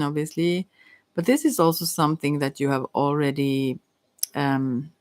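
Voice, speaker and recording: A woman giving a casual live-stream tarot reading, chatty and giggly, pausing often with fillers as she talks things through. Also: deep voice, no room sound. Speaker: tarot reader.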